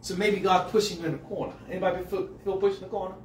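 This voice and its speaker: A male pastor preaching a sermon to a congregation, moving between quiet asides and shouted call-and-response lines. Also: sits high, flat delivery, rapid-fire, a little hiss or hum. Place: church sanctuary with a congregation. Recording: echoey hall, mic far off. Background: congregation answering.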